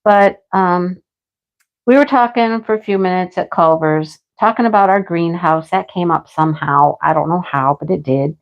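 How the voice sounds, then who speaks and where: A woman's voice: lowish voice, moderate pace, lo-fi sound. Chatty woman hosting a craft livestream. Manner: chatty, rambling, often laughing, answers chat by name. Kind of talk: casual live chat with viewers.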